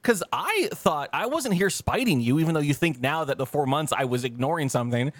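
A man co-hosting a casual podcast chat, rambling and swearing, his pitch jumping high when he quotes himself. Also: animated, a little fast, no room sound. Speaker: podcast co-host.

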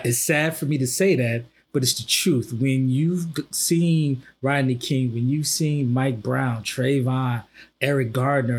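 Husky, halting man reflecting on a podcast. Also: mid-range voice. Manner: earnest, halting, reflective with many restarts. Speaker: podcast co-host. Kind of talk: casual discussion.

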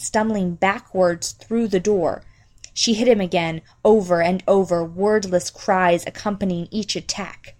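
A woman narrating an audiobook in an even, steady storytelling voice. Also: mid-range voice.

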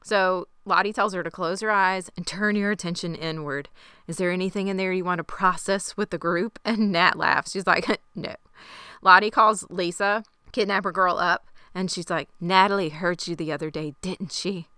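A woman's voice: fairly low pitch, steady tone, normal speed, sharp tone, clean tone, no room sound. A woman hosting a podcast, recapping an episode in a wry, sardonic way. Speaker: podcast host. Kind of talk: casual recap chat.

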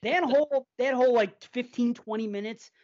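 A woman's voice: a little high, moderate pace, darkish tone. A Gen X woman hosting a podcast, chatting casually about a film, laughing often and acting out lines from it. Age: 40s to 50s. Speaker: podcast host. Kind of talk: casual movie chat. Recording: dull lo-fi podcast audio.

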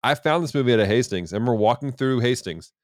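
A man co-hosting a casual movie podcast, telling stories in an animated way and laughing often. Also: mid-range voice, quick pace, no room sound, clean studio sound. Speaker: podcast co-host. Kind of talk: casual chat.

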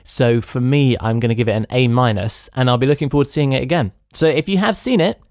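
A man's voice: medium pitch, quick pace, a little mellow, no room sound. Chatty male film-review podcaster, dry sound. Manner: chatty and enthusiastic, addresses listeners directly. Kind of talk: casual spoken film review.

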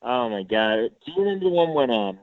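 A man's voice: mid-range voice, very animated, fast, dry recording, phone-quality sound. A man guest on a podcast, chatting enthusiastically with lots of fillers. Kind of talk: casual chat.

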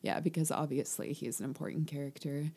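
A young woman co-hosts a casual book podcast, talking in a low, mellow voice. She rambles a little, fills pauses with ums and laughs easily as she chats. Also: gravelly, breathy edge. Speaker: podcast co-host.

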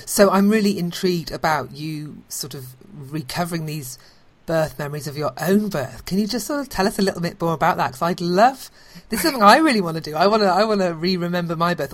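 A woman's voice: fairly low pitch, fast. A woman interviewer asking questions in a curious, eager way.

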